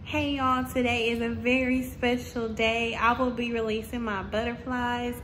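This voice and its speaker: A woman's voice: fairly high pitch, level tone, unhurried, a bit bright, slight background noise. A young woman, chatting casually to her viewers in a playful, exclamatory vlog. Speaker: vlogger.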